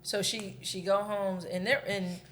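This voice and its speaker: A woman's voice: mid-range voice, level tone, unhurried, fairly bright tone, a little hiss or hum. A woman in her thirties, a podcast co-host, telling a breakup story candidly in casual chat and swearing freely.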